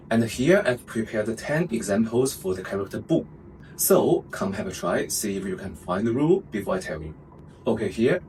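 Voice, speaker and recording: A man's voice: fairly low pitch, a little mellow. A man from China, a Mandarin speaker, teaching a language lesson and patiently repeating examples. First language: Mandarin Chinese. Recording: distant mic with faint background noise.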